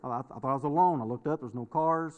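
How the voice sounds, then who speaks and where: In a fast, medium-pitched voice, a middle-aged man preaches a sermon, with dull audio and a long hall echo. He tells folksy stories, laughs a lot, and repeats his words.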